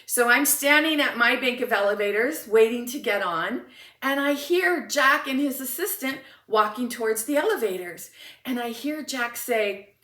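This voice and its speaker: A woman motivational speaker telling a personal story in an animated, enthusiastic way. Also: on the high side, moderate pace, reverberant, distant mic.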